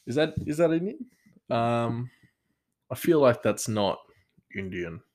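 A man's voice: medium pitch, sing-song, a little slow, darkish tone. An Australian man hosting a podcast, telling stories in a rambling, self-deprecating way and laughing often. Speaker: podcast host. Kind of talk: casual storytelling.

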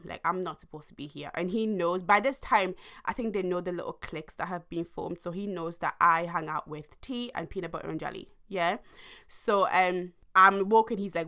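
A young woman, telling a long story to her viewers in a rambling, animated way, full of slang and fillers. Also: medium pitch. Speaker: vlogger. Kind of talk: casual storytime monologue.

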